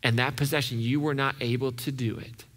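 A man's voice: medium pitch, steady tone, brisk, fairly bright tone. A man preaching a conversational sermon as pastor, repeating phrases and checking in with "right?".

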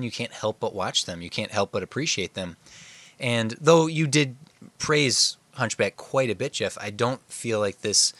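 A man co-hosting a casual podcast, speaking in a deliberate, measured way and laughing easily. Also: on the low side, fairly bright tone, dry recording. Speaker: podcast co-host.

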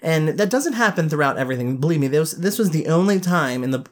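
A woman co-hosting a podcast in casual chat, animated and playful. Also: sits low, fast. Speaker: podcast co-host.

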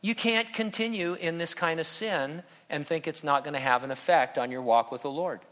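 In a hall with long reverb, a middle-aged man delivers a sermon as pastor at normal speed. His fairly high-pitched voice comes across bright, and his preaching is conversational and humorous, with emphatic turns.

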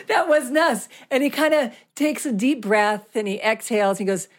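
A woman's voice: fairly high pitch, very animated, a little slow. Chatty woman podcaster telling a story. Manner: chatty, rambling storyteller with fillers and restarts. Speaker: podcast host. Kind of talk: casual chat.

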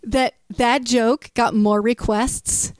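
A woman's voice: a little high, fairly even intonation, slow, smooth, dry recording. A woman musician chatting in an interview, telling stories with lots of fillers and frequent laughter. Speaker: musician guest. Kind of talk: casual interview chat.

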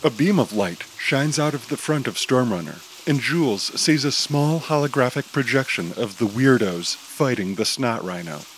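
A man narrating an audio drama at a mid pitch, steady and descriptive. Faint noise sits beneath his voice. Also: moderate pace, hardly any pauses, low-quality recording.

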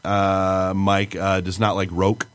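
A man's voice: sits low, completely flat delivery, takes it slowly. A man co-hosting a casual podcast, reading reviews and replies aloud with sarcastic asides. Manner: sarcastic, mock-formal when reading replies. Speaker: podcast co-host.

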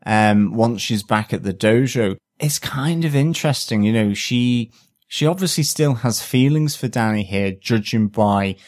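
A man's voice: medium pitch, unhurried, a little mellow. A man co-hosting a casual review podcast, rambling with many restarts and fillers. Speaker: podcast co-host.

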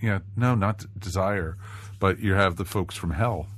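A man's voice: low voice, unhurried. A man co-hosting a podcast in casual chat, explaining story details and stumbling over his first words. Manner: explains plot points, repeats words when starting. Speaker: podcast co-host.

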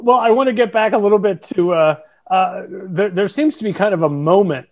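A male podcast host asks questions in a relaxed way. His voice is on the high side, and he stops and restarts often, filling gaps with "uh" and "um.". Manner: halting, many fillers and restarts. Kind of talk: casual interview chat.

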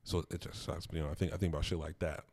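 Deep, fast-talking man in casual chat. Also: little pitch movement, slightly rough, no room sound, clean studio sound. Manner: quick, quiet interjections and backchannels. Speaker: podcast co-host.

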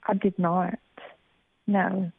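A woman in her forties, a healthcare worker guest, speaking in an earnest, halting way on a phone line. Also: medium pitch, level tone, gravelly, slightly rough, no echo. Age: 40s. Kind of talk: interview.

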